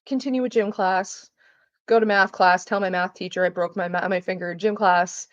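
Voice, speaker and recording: In her home kitchen, a female vlogger cooks while chatting and telling casual stories, cursing freely and performing the voices of those she quotes. She speaks fairly quickly in a medium-pitched, slightly bright voice with fairly even intonation, and the audio sounds dull.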